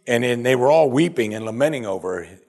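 A pastor preaches a sermon, speaking directly to his congregation and peppering it with rhetorical questions. He's animated and talks fast at a medium pitch.

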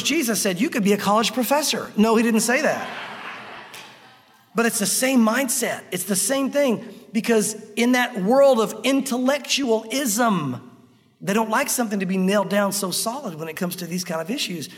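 Man, pastor, high voice, emphatic sermon delivery, long hall reverb. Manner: emphatic, conversational preaching with repetition.

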